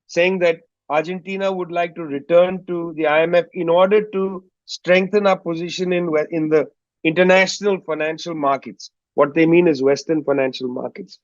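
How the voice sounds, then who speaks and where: Man, interview guest, explanatory, somewhat high voice, dry lo-fi audio. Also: no echo. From India. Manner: measured, explanatory, frequent "you know" asides. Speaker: guest historian. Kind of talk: analytical interview answer.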